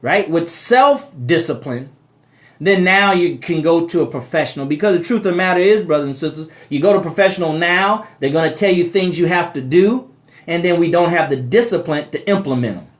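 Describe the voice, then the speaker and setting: A man delivers a motivational live-stream talk about money, preaching to his listeners as brothers and sisters. He repeats his key points, often stammering and restarting. His voice is a little high with lively intonation, and he speaks fairly quickly.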